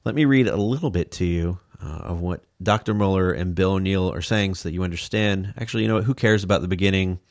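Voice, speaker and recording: A man hosting a podcast in casual comedic chat, animated and mock-outraged, swearing freely. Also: low-pitched, fast, few pauses, no echo, clean studio sound. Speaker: podcast host.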